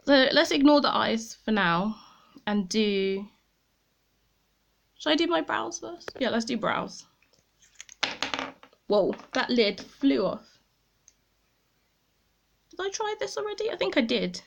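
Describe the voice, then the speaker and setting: A woman's voice: a little high, very animated, slow pace, gravelly, pauses often. A woman chatting casually to camera as a beauty vlogger, rambling and commenting on herself as she tries products. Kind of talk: casual makeup review to camera.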